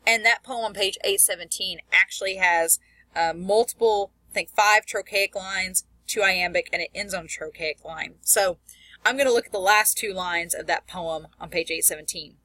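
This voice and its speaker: A woman teaching a college English class in a recorded lecture, explaining poetry terms casually and stressing example words slowly. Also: medium pitch, bright, forceful tone, dry recording. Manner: casual with fillers.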